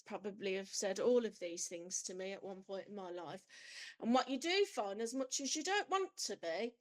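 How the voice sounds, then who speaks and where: A woman's voice: mid-range voice, poor audio. A woman with a mid-range voice speaks as a suicide prevention trainer in an online workshop. She talks in a chatty, rambling, self-deprecating way.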